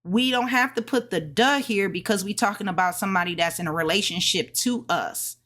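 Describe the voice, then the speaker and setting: A woman casually explaining her study notes, sounding out words slowly and correcting herself. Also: mid-range voice, a bit bright. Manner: thinks aloud, self-correcting, sounds out tones slowly. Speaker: language learner sharing study notes. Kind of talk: casual study vlog lesson.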